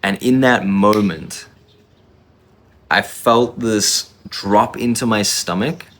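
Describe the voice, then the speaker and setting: A man telling a personal confessional story in an emotional, intense way, often halting and restarting his sentences. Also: on the low side, a bit bright.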